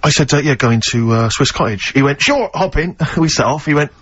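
A man's voice: mid-range voice, a bit bright, slightly rough. A man co-hosting a radio show, telling wry stories in casual banter. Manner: quick, wry storytelling. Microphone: studio microphone. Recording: dull lo-fi radio studio.

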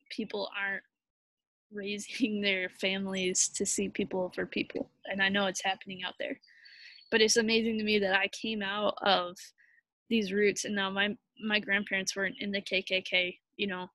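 Woman, young adult, tired, halting and heartfelt, flat pitch, dry close sound. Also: dry recording. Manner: halting, heartfelt, many fillers and restarts. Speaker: vlogger. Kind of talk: emotional personal story.

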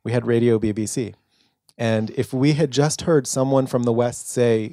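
A man's voice: medium pitch, moderate pace, mellow, no echo, studio quality. A man, an author and lecturer, answering an audience question at a bookstore event, earnest and storytelling, with many restarts. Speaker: author and lecturer at a book talk.

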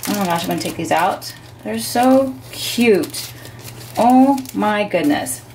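A woman hosting her crafting channel, chatting casually as she opens packages and gushes with excitement. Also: mid-range voice, slow pace, slight background noise. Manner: gushing, gasping with excitement. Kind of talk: casual unboxing vlog.

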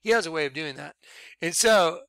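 Brief: high, gravelly man telling a rambling testimony, dry close sound. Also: fairly quick, dry recording. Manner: excitable, rambling, bursts into shouts. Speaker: ministry leader. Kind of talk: excited personal testimony.

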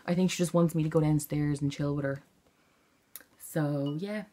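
A woman's voice: sits low, fairly even intonation, normal speed, warm tone. A young Irish woman chatting casually to camera at home, rambling and easily distracted, with an Irish accent. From Ireland. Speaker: vlogger.

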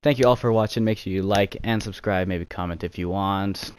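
Giggly self-mocking young gaming host. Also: male voice, deep voice, fairly quick, a little hiss or hum. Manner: giggly, self-mocking, says "you know" often. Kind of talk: casual gaming chat with impressions.

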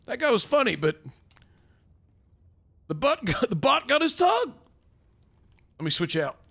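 Male game streamer, bright tone, muttered profane commentary. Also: very high voice, very animated, a little slow, gravelly, husky. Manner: muttering, swearing, grumbles at teammates. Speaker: gaming streamer. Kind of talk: casual live-stream commentary.

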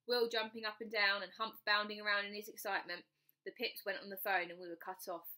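A woman's voice: medium pitch, sharp tone. A woman reading a children's storybook aloud, narrating in the first person with expression. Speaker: storybook reader.

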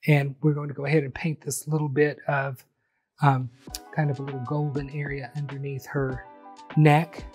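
A man calmly talking through a step-by-step painting tutorial, explaining each brushstroke as he goes. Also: medium pitch, faint music behind. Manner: friendly, unhurried, explains each brushstroke as he works. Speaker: painting instructor.

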